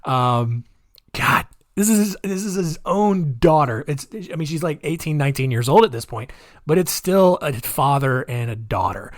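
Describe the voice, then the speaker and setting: A man's voice: a little high, lively intonation, normal speed, no room sound, clean studio sound. A man hosting a solo podcast, telling a crime story casually with many fillers and offhand asides. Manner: conversational, with filler-heavy asides. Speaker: podcast host.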